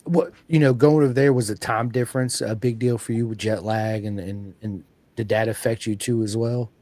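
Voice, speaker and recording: A man hosting a podcast in casual chat, an energetic storyteller who acts out quoted lines. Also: fairly low pitch, moderate pace, dry recording. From United States. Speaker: podcast host.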